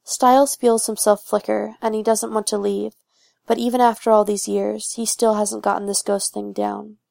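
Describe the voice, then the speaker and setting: A woman narrates a fan fiction audiobook in a steady, even voice with noticeable vocal fry. Her pitch stays level and restrained. The close mic gives a dry, intimate sound. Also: moderate pace, dry recording.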